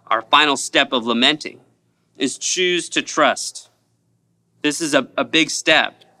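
A man's voice: fairly high pitch, bright, forceful tone. A man preaching a midweek sermon as pastor, earnest and repeating phrases for emphasis.

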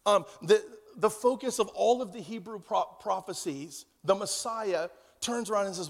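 Gravelly guy preaching in a big echoey church, kinda high voice, goes loud then quiet. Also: moderate pace. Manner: storytelling, swings from loud to hushed. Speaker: pastor. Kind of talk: sermon. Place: church hall. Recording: long church reverb.

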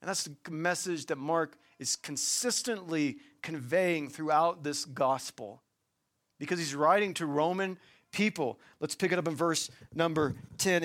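Slow, emphatic man preaching a sermon. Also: fairly high pitch. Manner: animated, emphatic, slow drawn-out stresses, conversational asides. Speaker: pastor.

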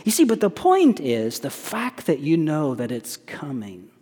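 A man's voice: fairly high pitch, huge pitch swings, unhurried, warm tone, breathy edge. A male pastor preaching a sermon, emphatic, often putting rhetorical questions to his congregation. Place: church sanctuary. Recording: long church hall reverb.

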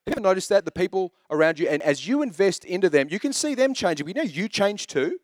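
A man's voice: high voice, very animated, fast talker, dry recording, studio quality. A man in his thirties preaching a sermon as pastor, telling jokey stories in a chatty way. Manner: chatty, joking storyteller.

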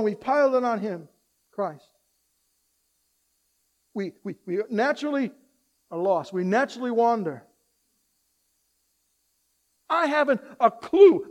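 A man preaching a sermon, swinging between loud urgent appeals and soft hushed asides, acting out quoted voices and having the congregation repeat lines after him. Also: extremely high pitch. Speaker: pastor.

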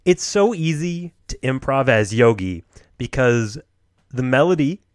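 A man's voice: medium pitch, animated, no room sound, clean studio sound. Laughing, playful male podcast co-host. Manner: playful, breaks into quick impressions and laughs. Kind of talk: casual chat.

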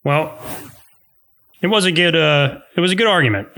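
A man with a bright, sharp-edged voice talks over a video call. He ribs his friend in easy, joking banter, and his pitch sits a little above the usual male range. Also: lively intonation, normal speed, gravelly. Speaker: podcast co-host. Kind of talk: casual chat.

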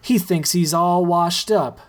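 An earnest, rallying woman coach voiced by a male reader delivers pep talks in a comedic story reading. She speaks slowly and deliberately, in a voice of middling pitch. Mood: encouraging.

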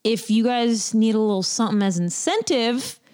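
A woman co-hosting a casual podcast, joking and cutting in with quick asides. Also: fairly high pitch, sing-song, a little mellow. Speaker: podcast co-host.

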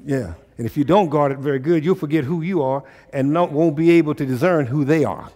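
A man preaching to a congregation, calling out questions and waiting for answers. His voice sits fairly high and climbs into loud, urgent pleading. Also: fairly quick. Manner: call-and-response preaching, rising to loud exhortation. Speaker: pastor. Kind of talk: sermon.

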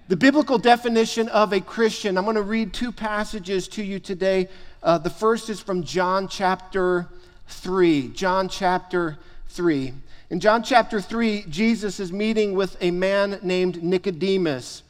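A man's voice: sits high, measured pace. A man preaching a sermon as pastor, emphatic and fond of repeating phrases for stress. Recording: long reverb of a hall.

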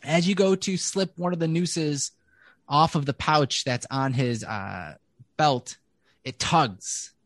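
A man narrating a tabletop game as game master, casual and halting, in a slightly high voice. The recording is close and dry. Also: fairly bright tone, no echo.

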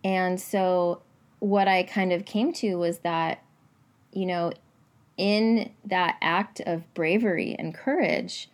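A woman hosting her own podcast, talking in an earnest, reflective way with soft pauses. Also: fairly low pitch, steady tone. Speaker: podcast host. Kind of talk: casual solo podcast talk; scripted podcast intro.

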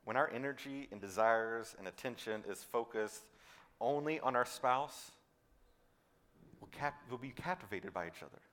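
A male pastor preaching a sermon. He swings between loud, emphatic declarations and quiet, low asides, and repeats words when he stresses a point. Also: lively intonation, moderate pace.

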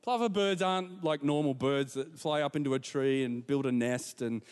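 A man's voice: medium pitch, normal speed, smooth, in a large hall. A man preaching a sermon, telling personal stories with asides to the congregation. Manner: warm storytelling with repetitions and asides to the congregation. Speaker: pastor.

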